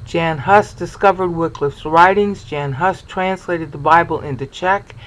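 A man's voice: on the high side, unhurried, fairly bright tone, low-quality recording. A man giving an explanatory Bible study lecture, talking in a discursive way and often checking in with the listener. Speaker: Bible teacher.

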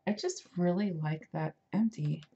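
Her fairly low voice moves at a measured pace as she hosts a crafting video. She chats casually and pokes fun at herself while working, and the home recording sounds dull, lo-fi, and noisy.

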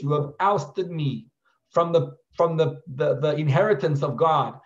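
A rabbi tells a scripture story to his class in a lively, animated way, slipping Hebrew phrases in among his English. His voice sits a little high for a man. The recording is roomy and a touch dull. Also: a little slow. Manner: animated retelling with Hebrew terms.

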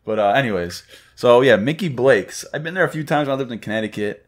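A man's voice: mid-range voice, animated, quick pace. A man co-hosting a podcast, chatting casually and telling stories. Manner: laid-back, swears casually, acts out funny stories. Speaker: podcast co-host. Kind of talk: casual chat. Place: cigar lounge podcast set.

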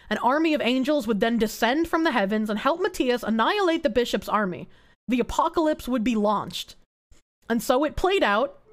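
Female streamer, young adult, reads history to chat with sarcastic profane asides; bright high voice, very animated. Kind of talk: reading history aloud with live commentary.

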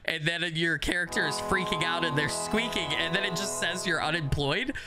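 A man's voice: a little high, moderate pace, over music. A man giving casual, profane let's-play commentary, rambling and mocking himself as he plays. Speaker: gaming YouTuber.

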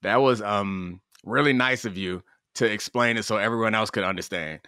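A man's voice: fairly low pitch, normal speed, bright, forceful tone, no echo. A man co-hosting a sports talk podcast, joking with dry, teasing humor in casual chat. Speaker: podcast co-host.

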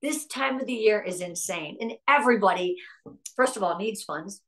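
Speaking at normal speed in an animated, medium-pitched voice, a middle-aged woman addresses a sales team meeting as a guest. She's upbeat and earnest, takes questions from a live chat, and grows emotional at times.

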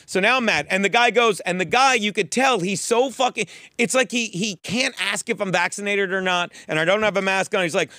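A man tells a profane, animated story as a podcast co-host. His voice sits high and has a bright edge. The studio mic is dry and close. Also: a little fast, dry recording. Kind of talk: comedic rant, casual chat. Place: studio booth.

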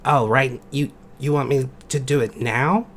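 Guy doing a smug rambling animal contestant, slow and drawn out. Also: mid-range voice, fairly even intonation, a bit bright, a little hiss or hum. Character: overconfident dawdling male animal contestant.

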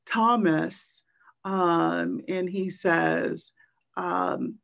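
A woman poet and teacher tells stories on a video call, slow and halting with many pauses and fillers. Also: on the low side, vocal fry. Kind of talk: reflective storytelling in a virtual book talk.

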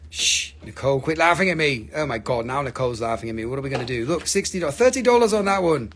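A man's voice: medium pitch, expressive, fast talker, fairly bright tone, a little hiss or hum. A man selling rocks on a live stream, teasing viewers by name, swearing casually and joking between prices. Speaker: live-stream crystal seller.

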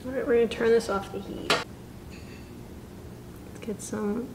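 A woman dietitian chatting casually through a home cooking vlog, self-deprecating and quick to laugh. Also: a little high, steady tone, echoey room, heavy background noise. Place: home kitchen.

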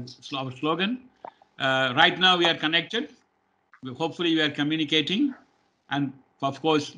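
A man's voice: fairly high pitch, bright, forceful tone. A man giving a webinar presentation on professional certification, explaining in a plain way with many fillers. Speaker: webinar presenter, training firm head.

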